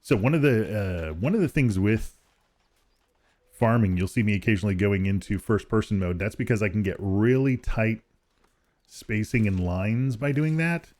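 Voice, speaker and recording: A man with a fairly low, darkish voice streams a farming game and chats casually with viewers at a moderate pace. He rambles, laughs often and keeps restarting his sentences.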